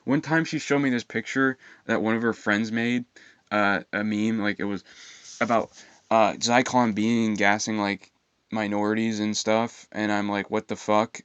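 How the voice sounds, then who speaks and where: A young man telling a rambling personal story in an aggrieved, profane way, halting with fillers. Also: fairly low pitch, fairly even intonation, a bit bright, smooth, dry recording, muffled recording. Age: young adult. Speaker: vlogger.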